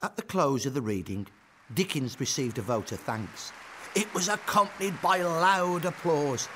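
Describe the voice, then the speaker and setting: A man narrating a scripted historical account, measured, with rhetorical questions. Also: on the high side, very animated, fairly bright tone, a little hiss or hum.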